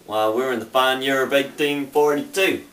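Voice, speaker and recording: A man's voice: mid-range voice, steady tone, normal speed, a bit bright, voice pushed up, lightly acted. A man voicing a folksy old-timey male bartender with a put-on American Southern drawl. He calls people sir and son in a courtly way, in an amateur comedy sketch. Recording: roomy, distant camera mic, faint noise.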